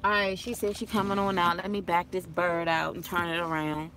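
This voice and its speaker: A woman vlogging from inside her car, telling stories to her viewers in a chatty, animated way and laughing often. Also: on the low side, a little fast, a little hiss or hum. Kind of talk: casual chat while driving.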